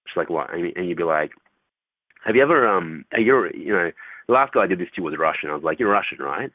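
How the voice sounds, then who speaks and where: Low-voiced man on a tinny line. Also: expressive, fast, no room sound. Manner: loose, profane, acts out phone calls. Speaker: dating coach guest. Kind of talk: casual interview talk. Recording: tinny phone-like line, dry.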